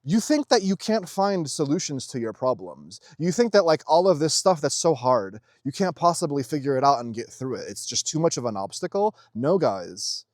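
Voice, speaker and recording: A man's voice: on the high side, very animated, no echo, studio quality. Intense, swearing spiritual man. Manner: emphatic, swears freely, fast-shifting intensity. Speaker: spiritual video host. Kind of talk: casual spiritual monologue.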